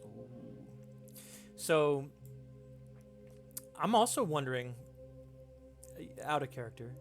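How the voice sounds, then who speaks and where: A man's voice: mid-range voice, vocal fry. A man chatting casually as a tabletop game player, thinking aloud and often restarting his sentences. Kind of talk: casual chat.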